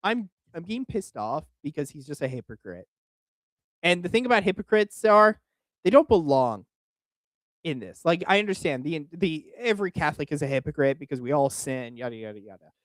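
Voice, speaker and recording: A man's voice: on the high side, big pitch swings, fairly quick, dry recording. A young man from Oklahoma streams his reaction to a video. His voice swoops all over as he talks in a crude, exasperated way and stumbles over restarts. The sound is dry and close. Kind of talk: casual reaction commentary.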